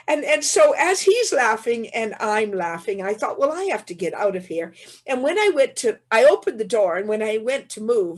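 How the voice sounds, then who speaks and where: A woman telling a funny personal story as a keynote speaker, in a vivid, animated way, often repeating words as she restarts. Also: medium pitch.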